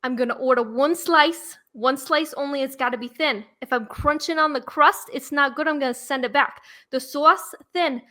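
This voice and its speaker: A woman's voice: high voice, normal speed, few pauses, pushed and bright. A woman doing a put-on New York accent, playing a bossy pizza customer who gives clipped orders.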